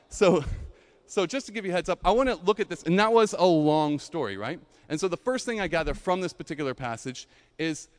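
Young guy pastor, casual preaching, slips into voices for the people he quotes, echoey hall. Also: mid-range voice. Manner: conversational, acts out quoted voices. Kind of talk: casual sermon with scripture reading.

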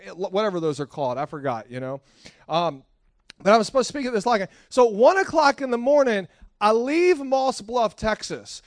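A man preaching a sermon in a church, telling animated, self-mocking stories with frequent restarts. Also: very high-pitched, no echo, studio quality. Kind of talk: storytelling sermon. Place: church hall.

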